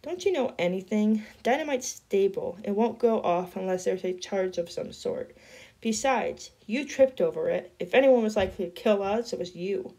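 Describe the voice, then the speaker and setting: A woman's voice: mid-range voice, expressive, moderate pace, mellow. A woman reading aloud, voicing a mean, bossy teenage boy who bullies others. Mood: sneering. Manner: sneering, bossy.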